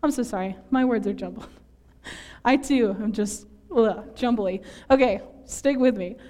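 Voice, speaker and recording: Woman pastor from northern minnesota, slightly high voice, chatty and laughing at herself through the sermon. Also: normal speed, a little mellow. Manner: chatty, self-deprecating, laughs often. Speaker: preacher. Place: church.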